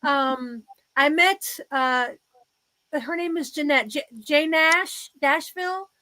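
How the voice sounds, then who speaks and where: A woman in casual chat, telling a rambling, excited story with many false starts. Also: sits high, takes it slowly, no room sound, low-quality recording.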